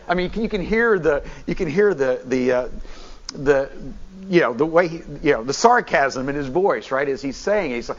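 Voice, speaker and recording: Animated preaching man, muffled sound. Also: fairly high pitch, normal speed. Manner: animated, repeats words in restarts, lively preaching. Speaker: bishop. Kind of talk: sermon.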